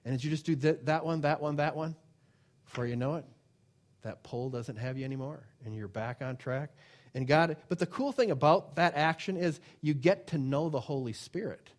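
Man, somewhat high voice, preaching informally, animated storyteller who repeats himself. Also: moderate pace. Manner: repeats phrases, restarts. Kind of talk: informal sermon with personal story.

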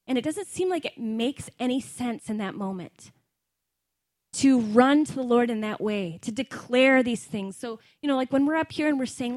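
A woman's voice: fairly high pitch, lively intonation, a little slow, a little mellow, no echo. A middle-aged woman preaching a sermon in an earnest, conversational way, often slipping in ums and asides.

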